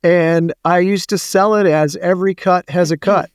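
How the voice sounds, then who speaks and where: A man's voice: high-pitched, fairly even intonation, clean tone, dry recording, studio quality. A middle-aged man co-hosting a podcast, chatting casually and telling stories full of puns and dad jokes. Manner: jokey, storytelling, quick asides and dad jokes. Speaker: podcast co-host. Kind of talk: casual chat.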